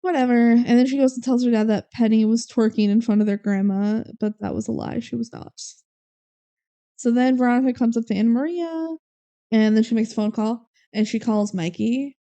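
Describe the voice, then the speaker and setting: A woman's voice: a little high, a little fast, dark tone, clean tone. A young woman co-hosting a podcast, casually recapping a movie and acting out the characters' lines. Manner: retells scenes with quoted character lines, frequent "like" and "um". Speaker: podcast co-host.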